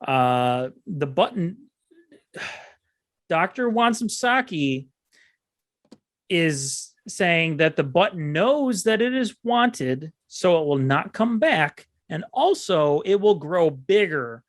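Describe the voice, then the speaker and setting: A man co-hosting a podcast, recapping a film in a slow, halting way with many ums and uhs. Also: fairly high pitch, very animated, no echo, clean studio sound. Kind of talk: casual movie recap chat.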